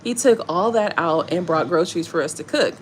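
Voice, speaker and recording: A woman with a fairly low voice talks fairly quickly as she hosts a tarot live stream. Her casual chat with viewers is full of animated stories, profanity and laughter, and there's slight background noise.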